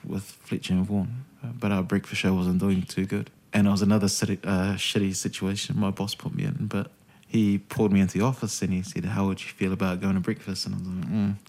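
A man's voice: deep voice, a little fast. A radio host telling stories in a casual interview, swearing freely and acting out the people he quotes. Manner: animated storyteller, swears freely, acts out quoted voices.

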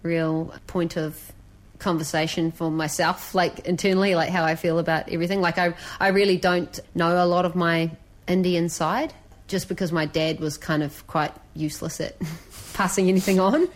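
A woman's voice: fairly low pitch, steady tone, moderate pace, hardly any pauses. A young woman with a New Zealand accent talking casually, rambling with lots of "like" and "you know". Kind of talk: casual chat.

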